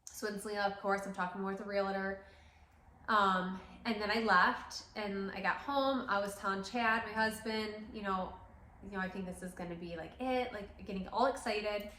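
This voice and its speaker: Inside her salon, a woman in her thirties who owns the place chats to camera vlog-style, getting emotional and tearing up, her speech loaded with fillers. Her mid-range voice is steady, bright and forceful at normal speed. The room has a roomy echo and slight background noise.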